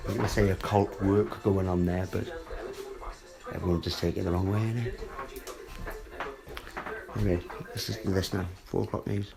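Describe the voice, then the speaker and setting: A man's voice: low-pitched, fairly even intonation, moderate pace, gravelly, pauses often, over music. A man rambling and swearing in a late-night home monologue, often dropping into murmurs and whispers. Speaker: vlogger. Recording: noisy home recording.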